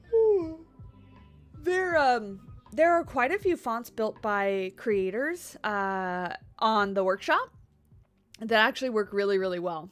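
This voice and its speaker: A woman's voice: on the high side, fairly bright tone. A woman livestreaming a game from her home office, chatting casually and cooing at her dogs. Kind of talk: casual livestream commentary while playing. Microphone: USB condenser desk mic.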